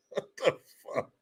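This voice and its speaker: Hosting a casual livestream, a man jokes and swears as he reads viewer comments aloud and answers them.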